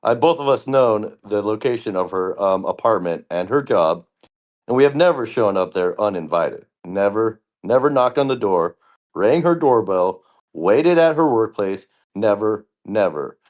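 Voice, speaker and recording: A woman plaintiff giving court testimony, rendered in a low, unvarying monotone, as a man reads her part from a transcript. The delivery stays flat and deadpan throughout. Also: a little slow. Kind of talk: comedic court transcript reading.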